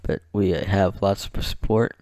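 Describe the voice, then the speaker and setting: A young man vlogging a casual rant to the camera, halting and out of breath, swearing and restarting his sentences. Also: low-pitched, mellow, dry recording, clean studio sound.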